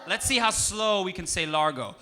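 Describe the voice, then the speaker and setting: A man who is a musician teaching a young audience, lively and encouraging as he coaxes them to answer. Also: sits high, normal speed, a faint crowd. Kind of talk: interactive music lesson for kids.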